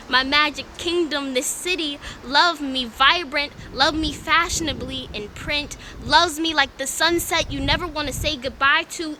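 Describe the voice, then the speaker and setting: With a high, bright, forceful voice, a Southern-accented poet from Tampa, Florida delivers rhythmic, emphatic spoken word before talking casually about her beginnings. The recording is rough, with slight background noise.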